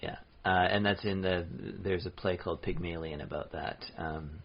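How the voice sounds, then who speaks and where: A man's voice: deep voice, fairly even intonation, moderate pace, gravelly, slight background noise. A man co-hosting a podcast in casual chat, explaining hesitantly with many fillers. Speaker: podcast co-host. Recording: dull lo-fi podcast audio.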